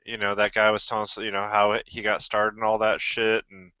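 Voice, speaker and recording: A man's voice: fairly low pitch, monotone, a little fast, bright, forceful tone, clean tone, dry recording. A man in a casual chat, blunt and swearing. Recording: lo-fi online voice chat.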